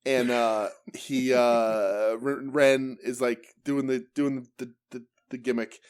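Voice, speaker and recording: Male podcast co-host, casual and profane, animated storyteller. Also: mid-range voice, takes it slowly, clear, resonant tone. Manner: profane, animated, mimics promos. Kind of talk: casual wrestling chat.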